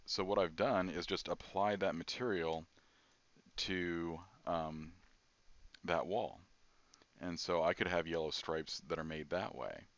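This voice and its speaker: A man giving a screen-recorded software tutorial, thinking aloud with frequent pauses and fillers. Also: deep voice, no echo. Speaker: software instructor.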